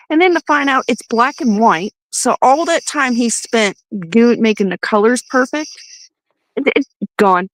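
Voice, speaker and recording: A woman's voice: fairly high pitch, measured pace, dry recording, poor audio. A woman guest on a comics livestream, telling a heated story in casual chat and swearing constantly.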